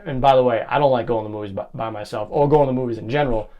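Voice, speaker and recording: A man's voice: medium pitch, racing, lo-fi sound. A young man hosting a podcast on his own, telling casual stories in a rambling way with plenty of "like" and fillers. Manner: rambling, filler-heavy, lots of "like". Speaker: podcast host. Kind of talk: casual solo storytelling.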